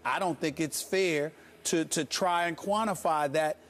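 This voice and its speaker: A man making a forceful, quick case as a commentator on a sports debate show. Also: a little high.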